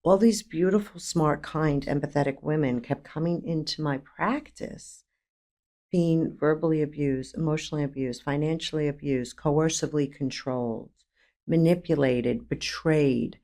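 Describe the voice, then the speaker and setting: A frank, animated woman in her fifties with a New York accent talks openly as an interview guest. Her voice sits very low for a woman. She laughs easily and piles up emphatic lists as she goes. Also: moderate pace. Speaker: podcast guest, therapist. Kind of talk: candid conversational interview.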